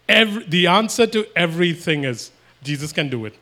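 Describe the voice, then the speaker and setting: A man's voice: sits high, animated, fairly quick, pushed and bright. A man preaching a sermon, emphatic and repetitive, acting out imagined everyday exchanges.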